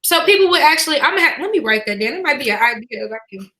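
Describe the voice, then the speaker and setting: Woman host, bright voice, chatty, laughs a lot, echoey room. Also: high-pitched, expressive, rapid-fire. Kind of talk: casual interview chat.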